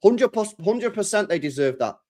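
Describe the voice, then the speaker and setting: A young man reacting live to a football match on his stream, excitable and sweary, repeating his lines. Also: high voice, normal speed.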